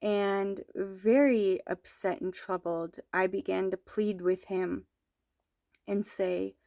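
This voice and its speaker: A mother slowly and earnestly recounting a troubling dream, with hesitant pauses. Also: mid-range voice, fairly even intonation, vocal fry, dark tone, no echo, clean studio sound. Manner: slow, earnest, hesitant storytelling. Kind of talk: personal testimony.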